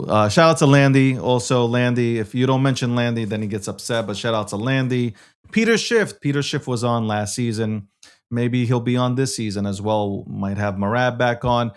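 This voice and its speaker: A man's voice: mid-range voice, smooth. A man hosting a casual solo show, rambling, repeating himself and swearing offhand. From New York. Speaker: show host.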